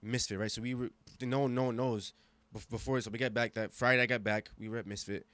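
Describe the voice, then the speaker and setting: A man in his twenties from Germany, guest on a podcast, telling a story with emphatic, animated delivery and many restarts. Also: mid-range voice, quick pace, no room sound. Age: 20s. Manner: animated, emphatic, acts out quoted voices, frequent restarts. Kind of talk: casual storytelling conversation.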